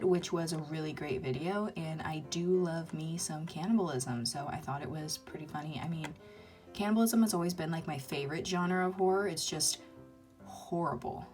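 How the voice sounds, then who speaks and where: A woman's voice: lowish voice, a little mellow. A woman chatting casually about her unfinished toy videos, rambling with lots of ums and uhs. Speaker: toy-figure video maker. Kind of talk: casual chat.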